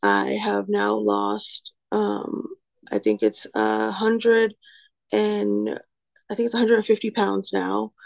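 Heavily gravelly young woman, rambling. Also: medium pitch, takes it slowly, a little mellow, low-quality recording. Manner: rambling, with frequent "you know" and "um" fillers; frank and self-deprecating. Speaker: recovery speaker sharing her story. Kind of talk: candid personal testimony.

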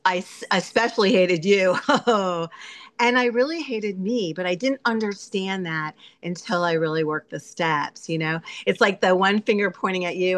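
A woman's voice: fairly low pitch, normal speed. A woman giving a candid, chatty personal share at a recovery meeting, laughing often and acting out her own inner voice. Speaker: speaker sharing at a recovery meeting.

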